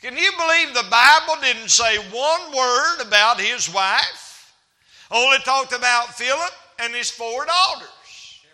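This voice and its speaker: Male evangelist, very high bright voice, folksy sermon delivery, church hall reverb. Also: expressive, slow. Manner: folksy preaching with humor and rising emphasis. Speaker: evangelist preacher.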